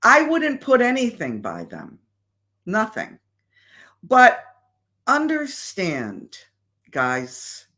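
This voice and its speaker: Woman doing a live chat show, talks slow and bright, lots of ums. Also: fairly high pitch, wildly swooping pitch. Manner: slow and deliberate, with many fillers. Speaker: show host answering viewer questions. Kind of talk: casual live-stream chat.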